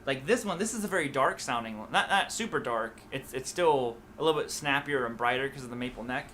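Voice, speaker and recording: A man's voice: mid-range voice, expressive, fairly quick, sharp tone, a little hiss or hum. An American man with a mixed Midwest and Southern accent, chatting casually and loosely on a live stream as a guitar teacher, full of fillers and restarts. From USA. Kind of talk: casual livestream chat.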